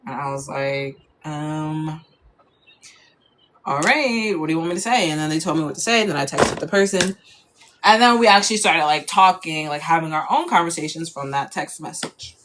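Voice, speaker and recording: A woman's voice: low voice, moderate pace, noisy background. A young woman telling a personal story in a casual, chatty way, full of fillers.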